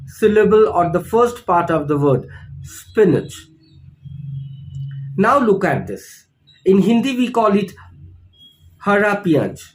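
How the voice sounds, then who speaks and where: A man teaching pronunciation. He speaks slowly and deliberately and repeats each word for learners. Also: high-pitched, low-quality recording. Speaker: English teacher. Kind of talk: pronunciation lesson.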